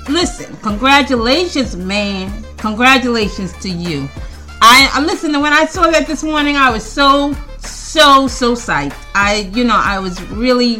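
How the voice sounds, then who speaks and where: A woman's voice: fairly high pitch, bright, forceful tone. A woman hosting a casual solo podcast, rambling and stammering with frequent laughter. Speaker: podcast host.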